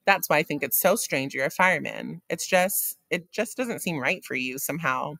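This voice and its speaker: A man's voice: a little high, expressive, normal speed, vocal fry, pushed and bright, dry recording, exaggerated voice. A man voicing a curious, dreamy teenage girl in a read-aloud of a novel. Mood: earnest.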